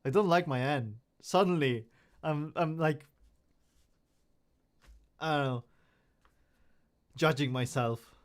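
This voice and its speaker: A man's voice: a little high, slow, long pauses. Rambling young man streaming from home. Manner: rambling, self-mocking, many restarts. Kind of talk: casual live stream chat.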